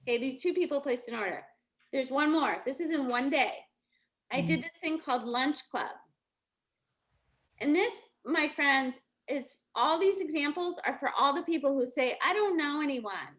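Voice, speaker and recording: A woman's voice: high voice, normal speed, fairly bright tone. A middle-aged woman, giving a casual motivational talk as a coach and telling stories with lots of laughter. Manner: chatty, laughing storytelling.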